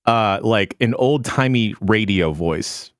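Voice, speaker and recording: A man's voice: on the low side, takes it slowly, no echo, clean studio sound. A man chatting as a guest, telling stories animatedly and acting out the people he quotes. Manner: animated storyteller, acts out quoted voices. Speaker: podcast guest and voice actor. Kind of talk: casual chat, storytelling.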